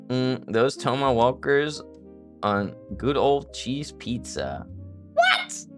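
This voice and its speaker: A woman's voice: very deep voice, lively intonation, extremely slow, pauses often, soft background music. A woman streamer chatting casually on a live stream, playful and giggly, protesting in flustered bursts.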